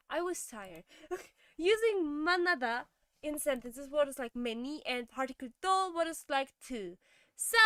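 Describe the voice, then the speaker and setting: A woman's voice: sits high, sharp tone, dry recording. A tired young woman, chatting casually on a stream while learning Korean words, laughing often and sliding into mumbles. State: tired, sleepy. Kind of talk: casual live-stream chat.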